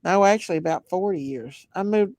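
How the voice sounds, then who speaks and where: A woman's voice: fairly low pitch, fairly quick, darkish tone, no echo, poor audio. A woman, chatting casually as livestream host and answering her chat. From Kentucky. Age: 40s.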